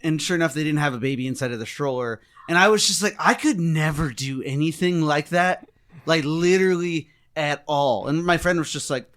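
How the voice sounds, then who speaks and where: A man co-hosting a podcast, telling stories in casual chat with animated quoted voices and some swearing. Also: a little high, fairly quick. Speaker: podcast co-host.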